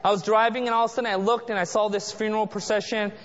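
A man preaching a sermon as pastor, dramatic, dropping to a hush for emphasis. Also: sits high, flat delivery, rapid-fire. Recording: muffled sound in a large reverberant hall.

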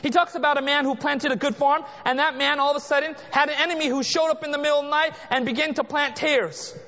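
A man preaching a sermon as pastor, dramatic, dropping to a hush for emphasis. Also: very high-pitched, steady tone, fast talker. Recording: muffled sound in a large reverberant hall.

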